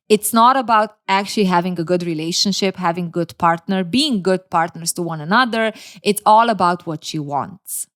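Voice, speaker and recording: A woman recapping and reviewing a reality dating show in casual commentary, blunt and opinionated, openly emotional. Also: mid-range voice.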